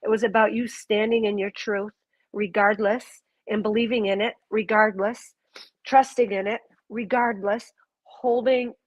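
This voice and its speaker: A woman's voice: medium pitch, dry recording. Earnest woman giving a spiritual reading. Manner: earnest, gushing, rambling with restarts. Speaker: intuitive reader. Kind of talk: live spiritual reading to a viewer.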